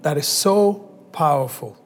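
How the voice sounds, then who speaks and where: High-voiced pastor preaching emphatically. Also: male voice, animated, soft background music. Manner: emphatic, drawn-out preaching with slow stressed phrases. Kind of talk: sermon.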